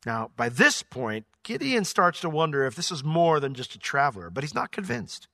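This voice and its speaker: A man's voice: a little high, very animated, normal speed, pushed and bright, dry recording, studio quality. A man teaching through a Bible passage verse by verse, conversational and emphatic, explaining word meanings.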